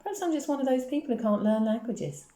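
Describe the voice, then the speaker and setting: Woman reader doing a small, high-voiced girl, teary and plaintive, storybook reading. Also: animated, quick pace, mellow, roomy sound, close to an everyday voice. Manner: sobbing, plaintive. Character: young girl, tearful and discouraged.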